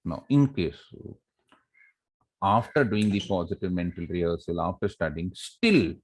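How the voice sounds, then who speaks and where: A man's voice: deep voice, animated, measured pace, a little hiss or hum. A middle-aged man with an Indian English accent giving a motivational lecture to students on facing exams, repeating key phrases and quizzing his listeners with rhetorical questions. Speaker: college academic director giving exam advice.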